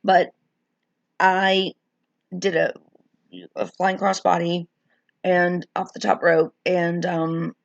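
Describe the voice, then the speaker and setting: A woman's voice: on the low side, flat delivery, slow, creaky, long pauses, dry recording, highs cut off. A middle-aged woman live-streaming, chatting casually and rambling with many fillers while reading viewer comments. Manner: chatty, rambling, frequent likes and ums. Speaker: streamer sharing wrestling memories.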